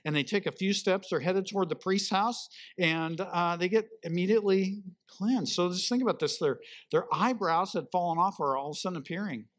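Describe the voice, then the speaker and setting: Male pastor, slightly high voice, animated storytelling sermon. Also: fairly quick, few pauses. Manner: animated storytelling, acting out the lepers.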